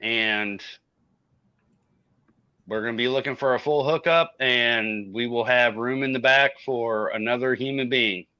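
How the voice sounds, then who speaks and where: A man's voice: mid-range voice, measured pace, pushed and bright, smooth. A man chatting casually on a live stream, with a dry, easygoing teasing manner. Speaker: guest on a motorcycle live stream. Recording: dull lo-fi audio.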